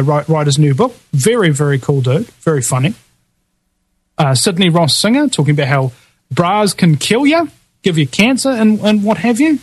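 A man hosting a podcast, casually running through past guests in a rambling way, with lots of fillers and chuckling asides. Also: on the high side. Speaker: podcast host.

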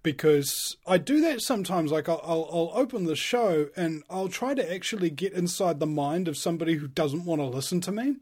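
A man hosting a podcast, talking emphatically with halting restarts. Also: a little high, expressive, darkish tone, husky. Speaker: podcast host. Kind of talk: casual podcast chat.

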